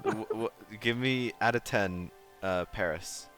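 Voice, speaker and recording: A man's voice: fairly low pitch, fairly bright tone, soft background music. A man hosting a livestream, chatting casually with many fillers and restarts. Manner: halting, filler-heavy. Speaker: livestream host. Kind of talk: casual chat.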